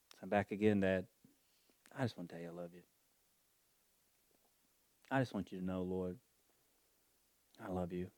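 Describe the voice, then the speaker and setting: A man preaching a sermon in a fervent, emotional, drawn-out way. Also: low voice, steady tone, a little mellow, no echo.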